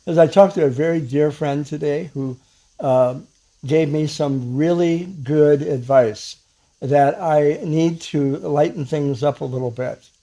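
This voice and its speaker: A man giving a casual spiritual talk to camera as a Christian teacher, halting with many fillers and restarts and soft chuckles. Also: on the high side.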